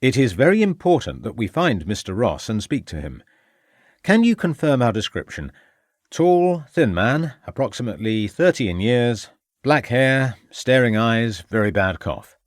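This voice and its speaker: A man's voice: medium pitch, very animated, moderate pace, no echo, clean studio sound, lightly acted. A man voicing a determined Victorian police inspector who questions people formally and urgently.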